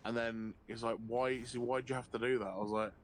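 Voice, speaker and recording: A man streaming a game, telling a long anecdote in a profane, animated way and often laughing. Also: mid-range voice, fast, slight background noise. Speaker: livestreamer. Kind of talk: casual storytelling while gaming.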